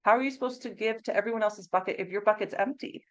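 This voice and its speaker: A woman in her thirties, an early childhood mental health consultant, giving an animated, conversational training talk to educators. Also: mid-range voice, fast, poor audio. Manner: animated, conversational, acts out classroom phrasings in a bright teacher voice.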